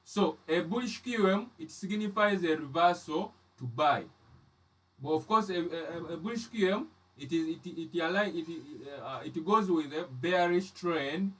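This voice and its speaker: Man, trading teacher, fairly high voice, repeats himself, distant from the mic. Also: measured pace. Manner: explains step by step, repeats phrases. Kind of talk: live chart lesson.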